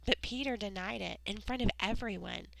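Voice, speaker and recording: A woman giving a Bible lesson to children, reading the story slowly and earnestly and dropping into whispers for emphasis. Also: mid-range voice, gravelly, a bit bright, no room sound, rough recording. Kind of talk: Bible lesson read aloud to kids.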